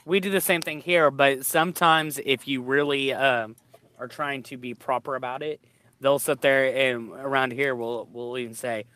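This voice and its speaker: A man's voice: medium pitch, steady tone, moderate pace, sharp tone, clean tone, no echo. Laid-back Texan man chatting. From Texas, USA. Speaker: host. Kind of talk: casual chat.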